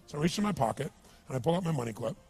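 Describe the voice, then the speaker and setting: A man's voice: fairly high pitch, lively intonation, very fast, creaky, darkish tone, faint music behind. A man giving a motivational seminar talk, telling a story with energy and asking the crowd questions. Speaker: motivational speaker.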